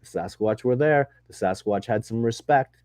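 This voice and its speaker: A man's voice: medium pitch, moderate pace, darkish tone, dry recording. A man answering viewer questions in a casual live chat, rambling and enthusiastic with many restarts. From not from Texas.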